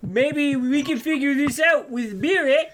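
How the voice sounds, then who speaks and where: A man's voice: very high-pitched, unhurried, a bit bright, a little hiss or hum, pitched above the performer's own voice. A man voicing a beer-loving Canadian cart driver in a put-on Canadian accent, ending his lines with "eh". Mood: jovial. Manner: tacks "eh" onto lines.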